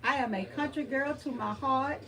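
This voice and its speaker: A woman's voice: sits high, normal speed, a crowd in the background. A woman with a Southeast Texas country accent hosts a live stream, answering the chat in a folksy way and calling viewers honey and girl.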